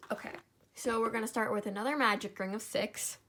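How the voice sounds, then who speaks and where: A woman's voice: on the high side, steady tone, brisk, a bit bright, slight background noise. A young woman hosting a step-by-step craft tutorial, tired and yawning, apologizing as she talks through each stitch.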